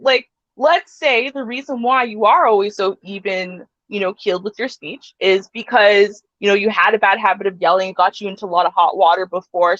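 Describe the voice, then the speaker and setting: A woman's voice: mid-range voice, a bit bright, no room sound. Chatty woman co-host, dull sound. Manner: chatty, many "like"s and "right?"s. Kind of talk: casual chat.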